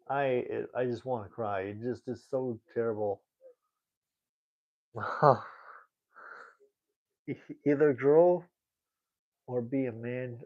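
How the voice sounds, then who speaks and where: Brief: young man, indignant rambling streamer, mid-pitched, tinny lo-fi audio. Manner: indignant, rambling, talks straight to chat. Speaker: livestreamer reading chat. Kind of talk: casual live chat.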